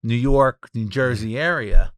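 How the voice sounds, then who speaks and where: A man who owns restaurants talks as a podcast guest. He explains things earnestly and restarts his sentences as he goes. His voice sits in a middle pitch, and the sound is dry, with no room echo. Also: unhurried, a bit bright. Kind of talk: casual podcast chat.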